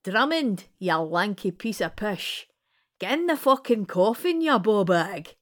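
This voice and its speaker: A woman playing a rowdy, foul-mouthed nun who shouts crude insults. The voice is loud and brash, with a lively swing in pitch. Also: measured pace. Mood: mocking yell.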